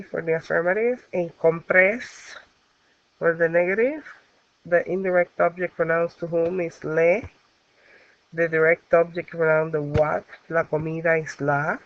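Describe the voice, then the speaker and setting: A woman teacher walks through a grammar lesson at an unhurried pace, pausing on fillers as she explains each step. Her voice sits in a mid range, and the recording is dry and dull, with muffled lo-fi sound. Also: on the low side, dry recording. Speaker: Spanish teacher.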